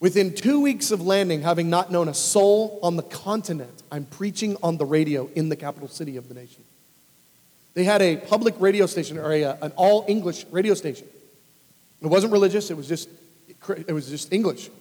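A man preaching a storytelling sermon in an animated way, acting out conversations. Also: sits high, fairly quick. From United States. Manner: animated, acts out dialogue in lively voices. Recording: long reverb of a large hall.

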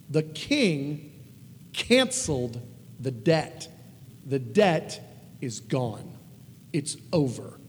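A man preaching a conversational sermon, emphatic and animated, with casual asides. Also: a little high, a little hiss or hum. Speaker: pastor. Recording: long reverb of a large hall.

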